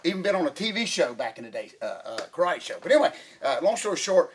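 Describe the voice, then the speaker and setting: Excitable rambling man. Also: high voice, fast talker, slight background noise. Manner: excitable, rambling with many restarts. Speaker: podcast host. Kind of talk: casual chat.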